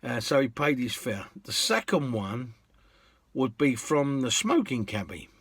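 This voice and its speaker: A cab driver spins casual yarns about his passengers, rambling along and chuckling at his own tales. His voice is a little husky and sits at an ordinary male pitch. The sound is dry and close, with no room around it. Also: big pitch swings, measured pace, a bit bright, dry recording. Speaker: cab driver telling stories. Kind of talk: casual anecdote storytelling.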